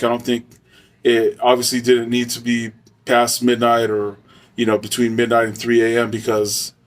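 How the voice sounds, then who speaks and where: Brief: Arizona man, casual profane storyteller, mid-pitched, mic a little distant. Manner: loose, slangy and profane, with frequent fillers. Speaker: storyteller, former soldier.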